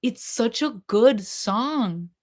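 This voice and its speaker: A woman's voice: fairly high pitch, lively intonation, extremely slow, a little mellow. A young woman vlogger chatting casually about songs that move her, rambling with lots of fillers and laughing asides. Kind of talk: casual chat about music.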